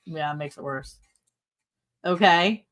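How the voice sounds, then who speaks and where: A woman's voice: deep voice, slow pace, a bit bright. A middle-aged woman co-hosting a casual livestream, giggling often and reading viewer comments aloud. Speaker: livestream co-host.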